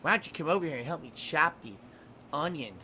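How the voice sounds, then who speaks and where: A man putting on a sultry seductive stepmom with breathy mock seduction as a comedic bit during stream commentary. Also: a little high, animated, fairly quick, bright, forceful tone. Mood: teasing.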